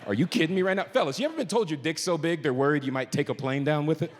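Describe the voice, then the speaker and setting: A man doing stand-up, telling a story and swinging from low mutters to high shouted outbursts on a stage mic. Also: lively intonation, quick pace. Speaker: stand-up comedian. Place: comedy stage in a large hall. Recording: live hall with reverb and faint noise.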